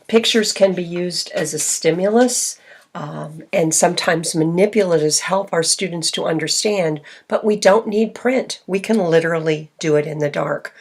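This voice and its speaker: A woman with a low, gravelly voice presents a literacy lesson. She speaks in a clear, instructional way and slows down to model example words. She sounds like a seasoned consultant walking teachers through slides. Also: darkish tone.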